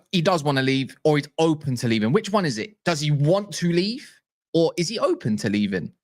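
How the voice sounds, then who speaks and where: A man's voice: fairly high pitch, a bit bright. A man hosting a football channel, talking casually to camera in a rambling way with exasperated rhetorical questions.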